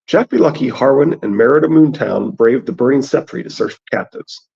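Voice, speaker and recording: A man with a gravelly, raspy voice who reads passages aloud and then chats about them. His pitch is average, and the sound is dull and lo-fi. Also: expressive, a little fast, a little mellow. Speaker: podcast host reading aloud. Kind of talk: casual book discussion and reading aloud.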